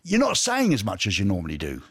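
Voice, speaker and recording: A man's voice: fairly low pitch, wildly swooping pitch, fast talker, husky, dry recording, studio quality. A man hosting a casual radio show, chatty and jokey, reading out messages and poking fun at himself. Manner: jokey, chatty, self-mocking. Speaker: radio host.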